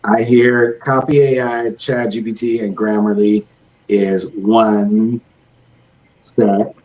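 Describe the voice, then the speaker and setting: A man's voice: on the low side, level tone, takes it slowly, a little mellow, poor audio. A man hosting a casual panel over a video call, steering the talk with questions. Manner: guiding, asks panelists questions. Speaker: host.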